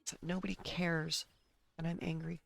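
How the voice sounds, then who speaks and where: Female game streamer, low voice with vocal fry, blunt, sarcastic, frustrated. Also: flat delivery, moderate pace, no room sound, soft background music. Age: adult, married. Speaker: gaming streamer. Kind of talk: casual venting while streaming a game.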